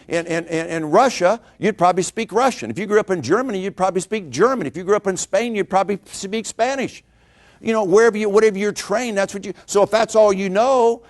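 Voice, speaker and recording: Fast-talking high-voiced man giving a seminar. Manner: energetic, preachy, rhetorical questions. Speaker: financial seminar speaker. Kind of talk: motivational seminar talk.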